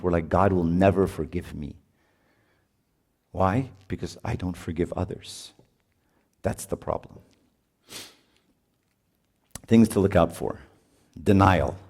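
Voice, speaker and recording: Deep-voiced priest giving a chatty retreat talk. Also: male voice, mellow. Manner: chatty, often adds "right?", laughs while talking. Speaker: priest speaking at a marriage retreat.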